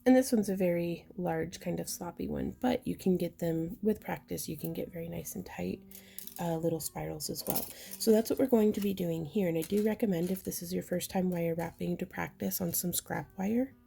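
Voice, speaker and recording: A woman with a slightly hoarse voice, chatting casually as she explains a step-by-step craft tutorial while she works. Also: lowish voice, normal speed, warm tone, faint music behind. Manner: chatty, explains while working, with fillers and throat clearing. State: slightly losing her voice. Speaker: jewelry-making instructor.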